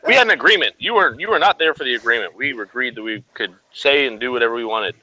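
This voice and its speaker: A man's voice: medium pitch, animated, fast, bright, forceful tone, low-quality recording. A man on an online voice chat, joking around rowdily, swearing freely and short on sleep. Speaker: panelist on a voice chat. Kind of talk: casual chat.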